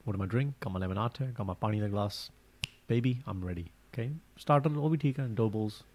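A man chatting casually as a podcast co-host, telling stories and acting out quotes in lively voices. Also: fairly low pitch, fast. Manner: animated storyteller, acts out quotes. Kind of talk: casual chat.

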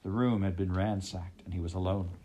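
A man narrating a storybook with a steady, expressive reading. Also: sits low, a little fast, lo-fi sound, noisy background. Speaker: audiobook reader.

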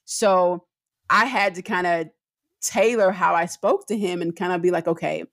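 Woman, podcast co-host, middle-aged, expressive, voice climbs when excited, lower pitch. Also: measured pace, dry recording, clean studio sound. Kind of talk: casual conversation.

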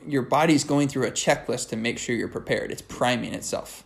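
A young man talks through a motivational podcast monologue in a loose, energetic, rambling way. He fills his sentences with "like" and restarts, and his voice sits in an ordinary middle pitch. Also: normal speed. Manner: energetic, rambling, many "like" fillers. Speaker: podcast host.

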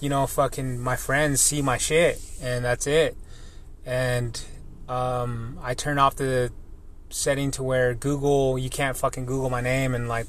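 A man's voice: mid-range voice, a bit bright. A man in his thirties, a welder, venting in a rambling casual monologue full of swearing and fillers. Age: 30s. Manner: frustrated, venting.

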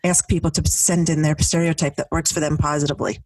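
A woman's voice: low-pitched, fast talker, slight background noise. A middle-aged woman co-hosting a podcast, telling stories in casual chat and acting out what people said. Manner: animated storyteller, acting out quotes. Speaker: podcast co-host. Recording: dry, mic a bit distant.

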